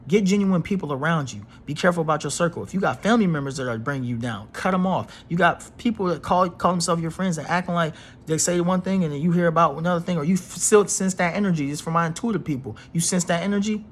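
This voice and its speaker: A man's voice: on the high side, fast, slight background noise. A man giving a casual astrology reading to his viewers in an emphatic, preachy way. He repeats phrases and uses slang. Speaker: astrology reader.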